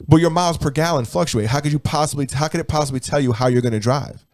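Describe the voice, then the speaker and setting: A man's voice: on the high side, fast talker, a little mellow, no echo. Laid-back man arguing in casual chat. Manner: laughs often, argues points in a loose profane way. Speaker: podcast co-host.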